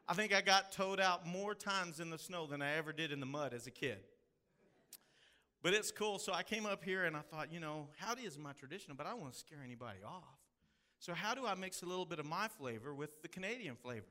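His voice sits high and sharp, moving a little fast. A hill country pastor with a Texan accent, he preaches in a folksy storytelling way, drawing out his phrases.

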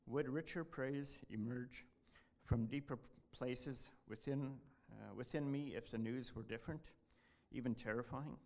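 An earnest man speaks at a church gathering, pausing and restarting as he reads a devotional passage aloud. His voice sits at an ordinary pitch with a gravelly, creaky edge. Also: darkish tone. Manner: earnest, halting delivery. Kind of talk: devotional talk, reading aloud.

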